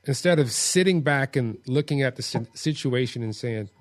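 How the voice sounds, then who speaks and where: A man hosting an interview, talking in a halting way with frequent restarts. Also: mid-range voice, animated. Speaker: host. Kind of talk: podcast interview.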